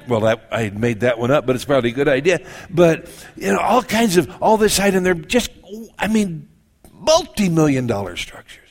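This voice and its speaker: An older male pastor delivers an animated sermon in a slightly raised voice. He breaks off into joking asides and quick corrections before pressing his point again. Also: a little high.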